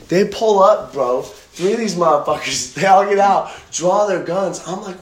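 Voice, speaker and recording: A man hosting a podcast, telling stories in a rambling, profane, casual way that gets animated. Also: on the high side, measured pace, reverberant. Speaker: podcast host. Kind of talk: casual storytelling chat.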